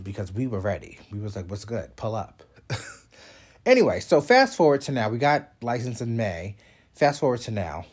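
A man's voice: mid-range voice, a little mellow. A man with a congested voice, hosting a casual vlog update and rambling chattily with fillers and asides. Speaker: show host.

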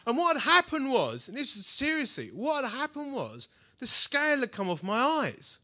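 Animated preacher, bright high voice. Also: male voice, brisk. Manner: animated storytelling, acts out quoted voices. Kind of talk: sermon with personal testimony. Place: large hall before an audience.

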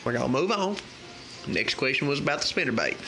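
A man's voice: mid-range voice, quick pace, soft background music. A man playing a folksy male fishing guide in an exaggerated, put-on Southern US country accent. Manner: folksy, animated, hammy.

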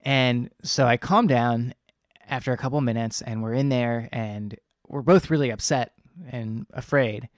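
A man's voice: medium pitch, measured pace, no room sound, clean studio sound. Young man telling a rambling personal story. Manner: rambling and earnest, with many fillers.

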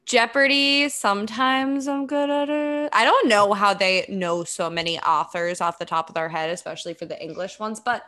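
A woman's voice: medium pitch, moderate pace, hardly any pauses, pushed and bright. A woman co-hosting a podcast in casual chat, rambling and laughing often. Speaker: podcast co-host.

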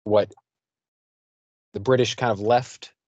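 A man's voice: on the low side, fairly even intonation, slow pace, a little mellow, no room sound. American man, dull dry lo-fi podcast. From United States. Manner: loose, rambling recap with fillers. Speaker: podcast host. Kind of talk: casual chat.

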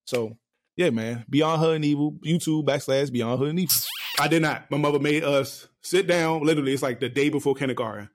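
Animated young man telling stories. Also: brisk, slight background noise. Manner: animated storyteller, acts out his mother in a high voice. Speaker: podcast co-host. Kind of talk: casual podcast chat.

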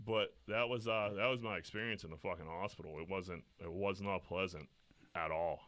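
Low, bright-voiced man telling hospital stories. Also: a little fast. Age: 30s. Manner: rambling, swears a lot, acts out voices in stories. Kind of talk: casual profane chat.

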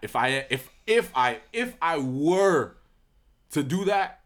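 A young man co-hosts a podcast in loose, slangy banter and laughs often. His voice is bright, and his pitch leaps around in animated swings. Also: takes it slowly. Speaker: podcast co-host. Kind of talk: casual chat.

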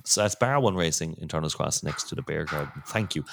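A man's voice: extremely low pitch, animated, fairly quick, vocal fry, fairly bright tone, slight background noise. A man hosting a casual football podcast who teases his co-hosts and jokes. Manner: teasing, jokey. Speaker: podcast host.

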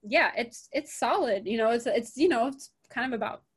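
A young American woman in casual conversation, talking in halting stretches full of fillers and restarts. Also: a little high, animated, breathy edge. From United States. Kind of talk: casual chat.

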